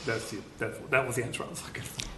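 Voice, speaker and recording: Quick, apologetic commissioner. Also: male voice, mid-range voice, steady tone, vocal fry, fairly bright tone, a little hiss or hum. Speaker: planning commissioner. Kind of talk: questioning at a public meeting. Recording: echoey meeting room with faint ambience.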